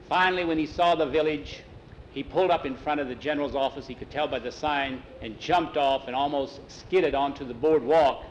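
A man telling a story aloud in a plain, unhurried way. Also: a little high, slight background noise, poor audio. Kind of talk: oral storytelling.

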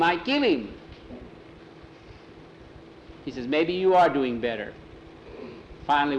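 Male oral storyteller, casual folksy telling with character voices, mid-pitched, room echo, faint background hiss. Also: lo-fi sound. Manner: relaxed folksy telling, slips into broken-English character voices. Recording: roomy, faint ambient noise.

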